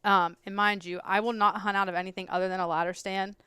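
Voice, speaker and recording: A woman guest on a podcast, telling a story with lots of laughter and acting out her own quotes in loud, high bursts. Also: little pitch movement, fast, smooth, no room sound, clean studio sound. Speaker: podcast guest, law enforcement officer. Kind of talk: animated storytelling in casual chat.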